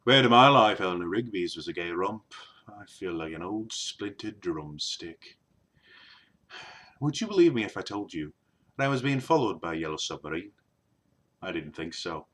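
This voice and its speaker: A man voicing a droll, deadpan man with a Liverpool accent, musing in a low, wry way. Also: moderate pace, long pauses, exaggerated voice.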